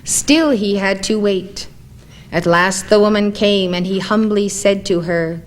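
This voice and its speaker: Woman narrator for spiritual stories, calm and measured, middle pitch. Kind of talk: scripted spiritual story reading.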